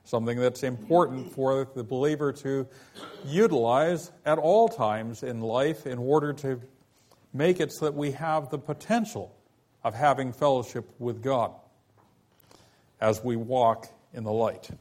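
A man teaching a Bible study lesson, explaining a passage slowly and asking rhetorical questions as he goes. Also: mid-range voice, a little mellow.

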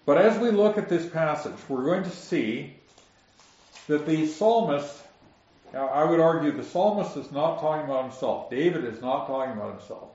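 A man's voice: fairly high pitch, expressive, normal speed, darkish tone. Man teaching scripture in an echoey room. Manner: reads scripture aloud and explains it, asks the audience questions. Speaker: Bible teacher. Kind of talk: Bible study teaching. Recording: very echoey muffled room recording.

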